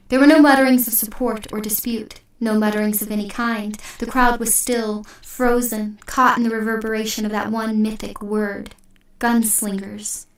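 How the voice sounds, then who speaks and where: A woman reading an audiobook in a measured, steady narration. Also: a little high. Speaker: audiobook reader. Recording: echoey room, distant mic.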